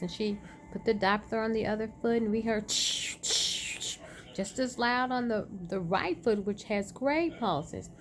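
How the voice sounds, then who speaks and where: A woman vlogger casually retelling a personal story, chatty and animated, acting out quoted dialogue. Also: fairly high pitch, slow. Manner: many fillers and restarts.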